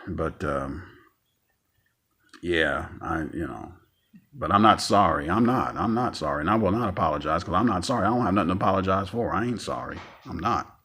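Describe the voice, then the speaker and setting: A man's voice: low-pitched, expressive, moderate pace, sharp tone, husky. A man ranting angrily in a vlog monologue, profane and stammering, repeating himself and sounding emotionally tired.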